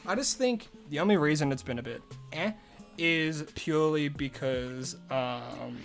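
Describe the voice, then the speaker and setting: A male streamer chatting casually on a live stream, rambling and loose, full of "like" and restarts, with soft game music behind him. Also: medium pitch, takes it slowly.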